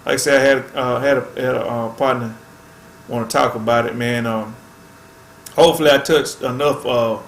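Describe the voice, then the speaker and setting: A man's voice: mid-range voice, steady tone, normal speed, roomy sound, a little hiss or hum. A man hosting a fishing channel, chatting casually to viewers in a laid-back way and tacking "man" onto nearly every phrase.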